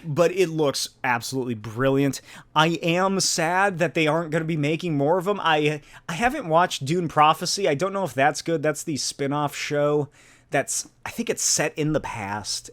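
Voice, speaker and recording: A man's voice: a little high, fairly bright tone. Rambling, laughing male podcast host. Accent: non-native or regional accent. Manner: rambling, laughs often, swears casually. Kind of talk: casual solo podcast chat.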